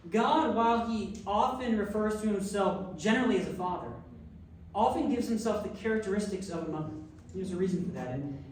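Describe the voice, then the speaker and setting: Young guy preaching, animated self-deprecating stories, far away in a big echoey church. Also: a little high, slight background noise. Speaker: pastor. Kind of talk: sermon with personal storytelling. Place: church sanctuary.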